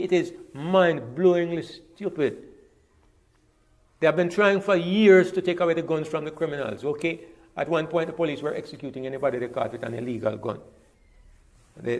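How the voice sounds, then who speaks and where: Man, emphatic and fairly high. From Jamaica. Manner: emphatic, repeats words when building a point, rhetorical questions. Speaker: interviewee. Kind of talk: conversational monologue.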